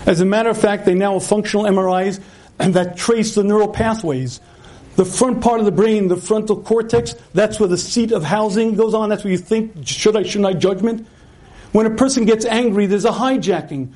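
Guy giving a torah talk, high mellow voice, acts out the dialogue in his stories, keeps clearing his throat. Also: moderate pace. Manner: animated storyteller acting out dialogue. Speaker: rabbi giving a lecture. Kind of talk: storytelling lecture.

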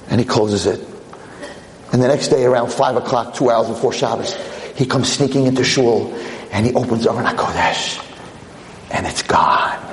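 Animated storytelling man in a reverberant hall. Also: mid-range voice, slight background noise. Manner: animated, acts out characters. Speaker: Torah lecturer. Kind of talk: sermon storytelling.

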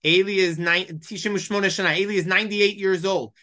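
A man teaching a Bible lesson verse by verse, reading lines aloud and explaining each in English. His voice is bright and clear, and his delivery is emotional, sometimes choked up. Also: high-pitched, fairly even intonation, a little fast. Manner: reads Hebrew verses then explains in English. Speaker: Torah teacher. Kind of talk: text study lesson, translating verse by verse.

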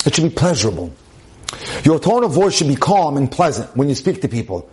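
A man's voice: fairly high pitch, big pitch swings, fairly quick, darkish tone. A man teaching as a rabbi, speaking emphatically, repeating phrases for stress and dropping in Hebrew terms. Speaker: rabbi giving a Torah class. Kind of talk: relationship lecture.

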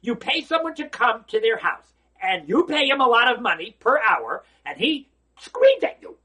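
A man giving a storytelling lesson, his voice swinging widely in pitch as he stammers and repeats himself. The tone is bright and tense, with a husky, breathy grain. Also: moderate pace. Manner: animated, repetitive, stammering storyteller.

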